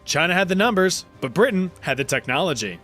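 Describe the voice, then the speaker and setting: A man's voice: high-pitched, sing-song, fairly quick, sharp tone, faint music behind. A man narrating a history video in a scripted, wry, jokey storytelling manner.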